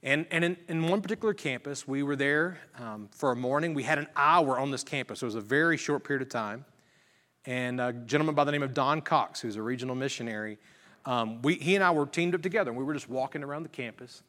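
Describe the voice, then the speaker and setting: A man's voice: mid-range voice, quick pace, fairly bright tone. A man, a pastor, telling a story in earnest sermon style, growing more emphatic as he preaches. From Virginia. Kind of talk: sermon testimony. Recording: reverberant hall.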